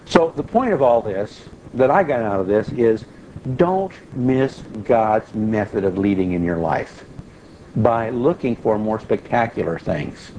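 A man's voice: fairly low pitch, lively intonation, unhurried, warm tone, a little hiss or hum, poor audio. A man teaching an informal Bible study in a loose, conversational way, with frequent restarts and asides.

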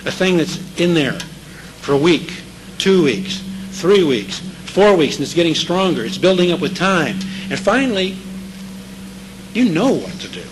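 A man's voice: fairly high pitch, sing-song, unhurried, background noise. A man preaching a sermon in a conversational way, checking in with his listeners and repeating key scripture phrases for emphasis.

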